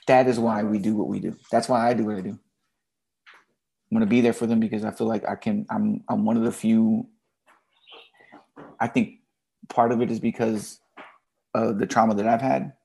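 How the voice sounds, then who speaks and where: A man's voice: fairly low pitch, gravelly, warm tone. A man, a teacher and podcast guest, telling a candid personal story in a blunt, emotional way with casual slang.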